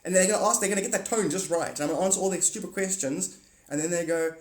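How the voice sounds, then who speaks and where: A man's voice: sits high, very fast, roomy sound. A man hosting a casual livestream, talking to viewers in a rambling, blunt and profane way. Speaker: livestream host.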